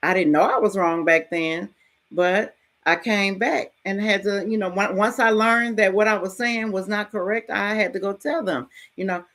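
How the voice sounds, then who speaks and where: A middle-aged woman talks candidly as the host of a motivational show. Her delivery is casual and frank, with plain everyday phrasing and a bit of swearing. Her voice sits at an ordinary pitch for a woman. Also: normal speed. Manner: frank, casual, lively storytelling with mild swearing. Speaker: podcast host.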